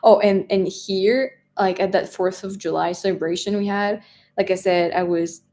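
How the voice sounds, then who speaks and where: A woman from France, a native French speaker with an accent, chats casually on a live stream and reads viewer questions aloud. Talkative and quick to laugh, she repeats words and restarts often, speaking at a moderate pace in a steady, slightly mellow mid-range voice.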